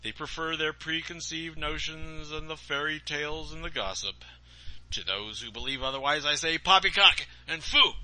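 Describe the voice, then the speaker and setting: A man puts on a foul-mouthed, boozy Santa Claus for a storybook reading. The voice sits a little higher than his own, loud and sharply bright. Every line comes out booming and mocking, with big ho-ho laughs. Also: normal speed, low-quality recording. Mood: grandiose. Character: crude boozy male Santa Claus, boastful and scornful.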